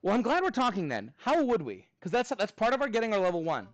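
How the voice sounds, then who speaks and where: A man with a notably high voice leads a live math review, cheerfully counting steps aloud and thinking out loud as he calls on students. The sound is close and dry, with no room echo. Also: wildly swooping pitch, fast talker. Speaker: math teacher. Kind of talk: live class review lesson.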